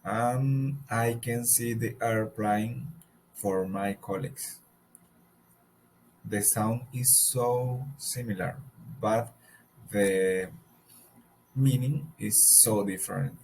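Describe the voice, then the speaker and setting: Slow, careful man teaching a lesson. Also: fairly low pitch, darkish tone, slight background noise, rough recording. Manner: careful, halting explanation with pauses and repeated example words. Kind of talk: recorded mini lesson on pronunciation.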